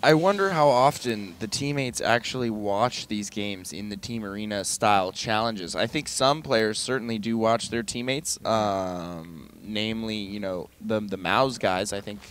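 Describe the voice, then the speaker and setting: A man's voice: on the low side, a bit bright, a little hiss or hum. Analytical male esports caster. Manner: analytical, measured, speaks in quick asides. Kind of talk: play-by-play game commentary.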